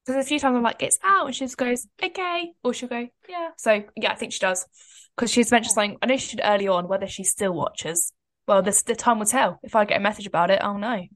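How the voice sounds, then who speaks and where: A woman's voice: mid-range voice, steady tone, quick pace. Bubbly chatty young woman co-host. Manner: bubbly, chatty, laughs often. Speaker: podcast co-host. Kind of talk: casual chat.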